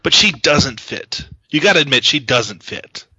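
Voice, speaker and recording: A man with a very bright, forceful voice co-hosts a casual podcast, teasing and joking through the banter. The sound is dry and close, with a slightly dull lo-fi tone. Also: on the high side, expressive, moderate pace, breathy edge, no echo. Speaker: podcast co-host. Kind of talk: casual chat about card games.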